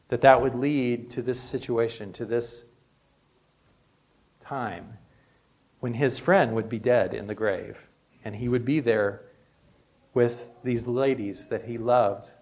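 Male pastor, everyday sermon delivery, earnest and chatty. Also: mid-range voice. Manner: earnest, conversational preaching with frequent "you know".

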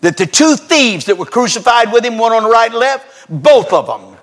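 A man preaching a revival sermon, swinging between loud exhortation and hushed scripture reading, full of folksy rhetorical questions. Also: very high voice, expressive, moderate pace.

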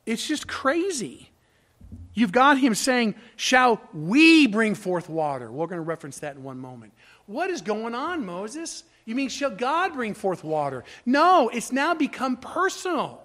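High-voiced preaching man. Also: wildly swooping pitch, unhurried, fairly bright tone. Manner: preaching with rising emphasis and rhetorical questions; reads scripture aloud, then explains it. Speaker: pastor. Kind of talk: sermon.

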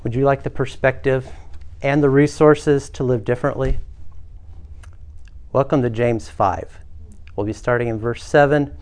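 A man's voice: medium pitch, fairly even intonation, a little slow, long pauses, a little mellow. A male pastor preaching a sermon, telling a story and inviting the congregation to respond.

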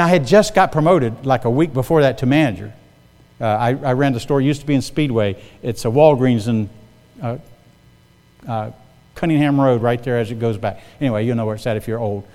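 A man's voice: mid-range voice, a little mellow. A middle-aged male pastor preaching a sermon, telling stories and calling for amens from the congregation. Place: church sanctuary. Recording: long hall reverb.

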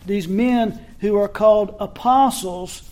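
A man's voice: sits high, slow pace, darkish tone. A man preaching an expository sermon in a church, emphatic and given to restarts. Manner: emphatic, with frequent restarts and shifting pace. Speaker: pastor. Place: church sanctuary.

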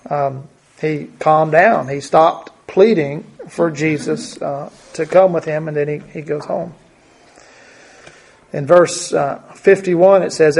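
A man's voice: a little high, gravelly, a little mellow. A man preaching a conversational Bible teaching, thinking aloud and often repeating his words.

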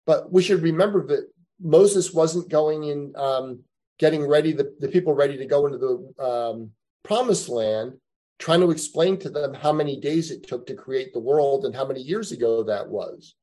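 A man's voice: fairly high pitch, moderate pace, mellow, low-quality recording. A man teaching a Bible class, lecturing conversationally and thinking aloud with frequent asides to his students.

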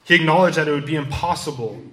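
Guy preaching a sermon, kinda high voice, reads verses then explains. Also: fast, pushed and bright. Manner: expository preaching, quotes and rereads scripture. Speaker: pastor.

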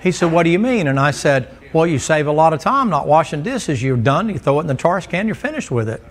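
A male preacher gives a folksy, joking sermon in church, teasing his congregation as he tells stories. His voice sits a little high, with a sing-song lilt and a slightly fast delivery.

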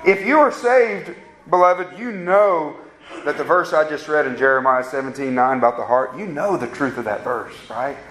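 A man with a notably high voice delivers an earnest sermon, pressing his listeners with question after question. His words ring out in a roomy, echoing space. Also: normal speed, a bit bright. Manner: earnest preaching with rhetorical questions to the congregation. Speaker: pastor. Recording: roomy echo.

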